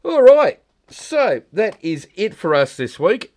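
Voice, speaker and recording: A man's voice: high voice, big pitch swings, slow, darkish tone. A man co-hosting a casual fluid art video, easygoing and teasing, sounding tired. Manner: easygoing, teasing, laughs often. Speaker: co-host of a fluid art channel. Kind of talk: casual chat while demonstrating.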